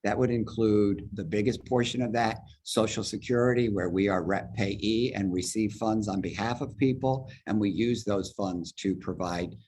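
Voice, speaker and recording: A man heading an agency, walking a virtual public forum through budget figures step by step on a video call, talking fast and explaining as he goes. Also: on the low side, steady tone, darkish tone, slightly rough. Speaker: agency head presenting a budget. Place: virtual meeting, speaking from home or office.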